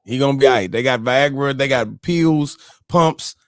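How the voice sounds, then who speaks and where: A man's voice: medium pitch, moderate pace, smooth, no echo, studio quality. A man co-hosting a casual morning show, joking in a playful, slangy way. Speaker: co-host. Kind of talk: casual chat.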